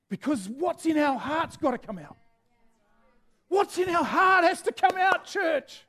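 A middle-aged man preaching a sermon with energy, shouting out key phrases. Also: very high voice, expressive, moderate pace.

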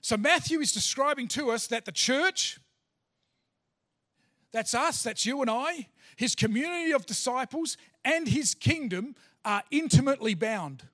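A man's voice: very high voice, animated, a little slow, bright, forceful tone. A male pastor preaching a sermon in church, emphatic, repeating phrases and restarting himself. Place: church hall.

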